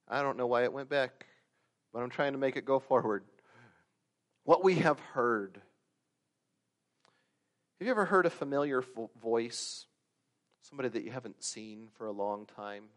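A man preaching a sermon, swinging from loud emphatic peaks to quiet asides and acting out the stories he tells. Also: medium pitch, expressive, moderate pace, long pauses. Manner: acts out quoted voices and stories. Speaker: pastor.

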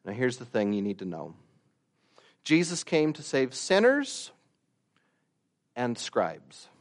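A man preaching a sermon, slow and deliberate, rising to loud emphatic peaks and dropping to quiet asides. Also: mid-range voice, huge pitch swings. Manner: slow, deliberate delivery with long pauses.

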